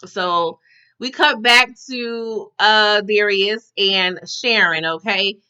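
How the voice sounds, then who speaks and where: A woman's voice: mid-range voice, slow, sharp tone, clean tone, lo-fi sound. A woman recapping a TV episode in casual chat, often tagging her sentences with "okay?". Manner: chatty, tags lines with "okay?".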